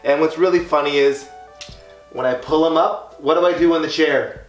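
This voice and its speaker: A man's voice: on the high side, normal speed. A man hosting a casual reaction video as a hypnotist, upbeat and explaining as he goes, laughing often. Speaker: hypnotist host. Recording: echoey room with music underneath.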